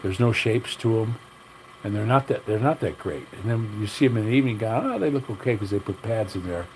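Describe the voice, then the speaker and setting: A man's voice: on the low side, animated, a little fast, darkish tone, slight background noise, rough recording. An older man hosting a livestream, talking bluntly in a rambling, opinionated way. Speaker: livestream host. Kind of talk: casual livestream rant.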